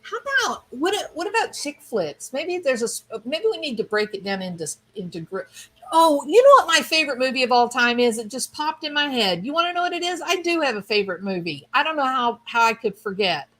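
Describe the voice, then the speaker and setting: A woman's voice: high voice, very animated, a little fast, sharp tone. A woman streamer casually chatting with her viewers, rambling and thinking aloud with enthusiasm. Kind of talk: casual chat.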